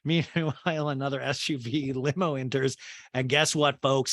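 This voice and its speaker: A man hosting a comedy podcast, recapping a TV episode with sardonic, animated storytelling. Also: mid-range voice, normal speed, no echo. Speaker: podcast host.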